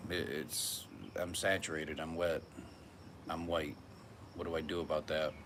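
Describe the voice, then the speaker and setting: Young man, very low voice, loose swearing livestream host, noisy background. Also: flat delivery, unhurried. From United States. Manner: rambling, rhyming, swears often, playful. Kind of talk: casual livestream chat. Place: Michigan, summer heat.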